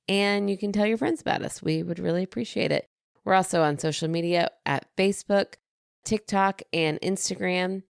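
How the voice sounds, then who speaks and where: Low, gravelly woman chatting on a podcast. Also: no echo, studio quality. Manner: chatty, rambling plugs with fillers. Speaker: podcast co-host. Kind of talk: casual podcast chat.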